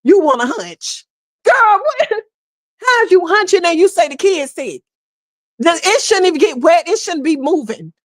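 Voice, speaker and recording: Woman, high voice, dry close sound, animated gossip host. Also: a little slow, no room sound. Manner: sassy, animated, laughing, calls listener "girl" and "honey". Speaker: commentary host. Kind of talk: casual gossip commentary.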